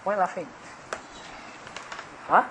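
A man preaching a sermon, animated, teasing the congregation with questions and laughing. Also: slow, background noise. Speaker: pastor.

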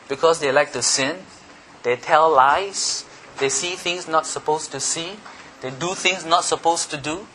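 A man's voice: a little high, unhurried, sharp tone, slight background noise. A man preaching a sermon with emphatic repetition, asking his listeners questions.

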